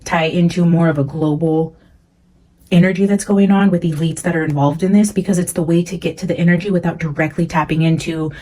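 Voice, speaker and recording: A woman's voice: on the low side, fairly even intonation, a little fast, warm tone, low-quality recording. A young woman, a psychic medium, talking casually and earnestly as she reads from her notes, rambling with many fillers.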